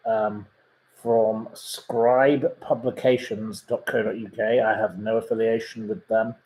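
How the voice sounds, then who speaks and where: A man's voice: on the low side, rough recording. A man hosting a casual chat podcast, rambling through recommendations with many ums and gossipy asides. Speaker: podcast host.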